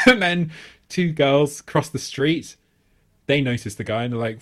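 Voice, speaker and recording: Brief: thirties bloke, podcast co-host, animated swings in pitch, rambling self-mocking anecdotes, swears freely. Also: male voice, normal speed. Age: 30s. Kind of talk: casual comedic storytelling.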